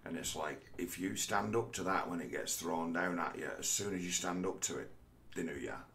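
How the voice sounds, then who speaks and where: A man giving a rambling personal monologue, halting and repeating words, with the odd curse. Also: low voice, gravelly, a bit bright, slight background noise. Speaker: vlogger.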